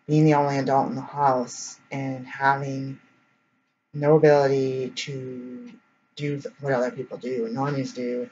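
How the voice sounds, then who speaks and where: A man's voice: mid-range voice, a little mellow, highs cut off, a little hiss or hum. Rambling, reflective single-parent man vlogging. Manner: rambling, reflective, many fillers. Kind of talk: casual personal vlog.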